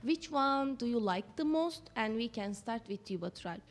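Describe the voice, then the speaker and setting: A woman's voice: a little high, animated, moderate pace. Chatty woman teacher. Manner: chatty, laughs often, asks students questions. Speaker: English teacher hosting a school radio talk. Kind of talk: casual classroom discussion.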